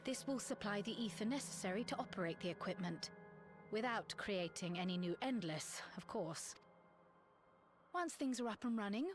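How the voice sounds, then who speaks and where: An earnest young woman, voiced by an actress, explains a plan in a clear, slightly high voice. Light game music runs underneath her. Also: close to an everyday voice.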